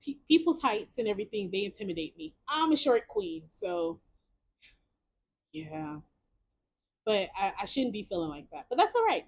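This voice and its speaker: A young woman streamer reads a choice-based story game aloud. She breaks off often into excited, exclamatory reactions and repeats words. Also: on the high side.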